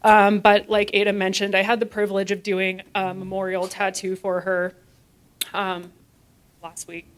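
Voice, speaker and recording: A young woman giving a prepared memorial speech in a community centre hall, careful and hesitant, with frequent pauses and "um"s. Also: medium pitch, completely flat delivery. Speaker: late man's former partner speaking at his memorial.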